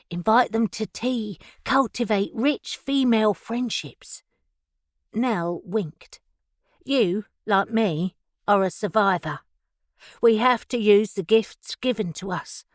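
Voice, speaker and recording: A woman's voice: fairly high pitch, dry recording, studio quality, voice pushed up. Woman doing a bold, teasing young actress. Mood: coaxing. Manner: lively, teasing, confiding.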